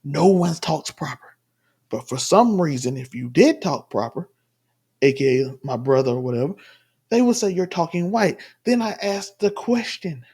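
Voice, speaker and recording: A man's voice: on the high side, lively intonation, moderate pace, creaky, darkish tone, husky. A man from the Southern US giving rambling, emphatic casual commentary while reacting to a clip at home. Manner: rambling, emphatic, restarts often. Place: home room.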